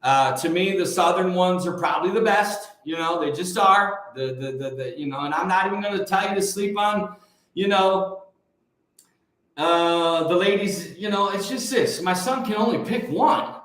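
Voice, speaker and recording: A man's voice: high voice, moderate pace, a bit bright. A man in his forties from Michigan, hosting a casual livestream, greeting viewers by name and rambling in a preachy way. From Michigan, USA. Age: 40s. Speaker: livestream host. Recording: very echoey room.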